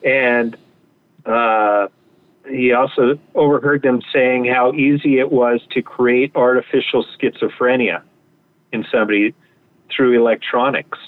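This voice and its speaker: A man's voice: medium pitch, steady tone, measured pace. A male guest telling stories in a rambling, casual way. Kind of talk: anecdotal storytelling. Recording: tinny phone line.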